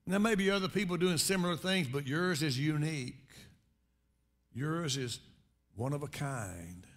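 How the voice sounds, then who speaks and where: A man's voice: expressive, measured pace, a bit bright. Man preaching with rising bursts. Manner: conversational preaching with sudden rises in pitch and volume. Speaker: pastor. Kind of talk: sermon.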